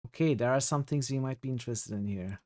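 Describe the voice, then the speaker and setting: A man's voice: mid-range voice, fast, darkish tone. A man streaming a role-playing game, reading its text aloud and chatting casually with his viewers.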